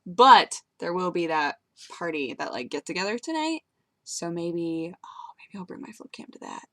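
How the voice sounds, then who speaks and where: Young woman chatting to her vlog cam, bit low-voiced, giggly and rambly. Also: expressive, moderate pace, fairly bright tone, dry recording. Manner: bubbly, rambling, giggly storytelling with playful voices. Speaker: vlogger. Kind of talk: casual chat to camera.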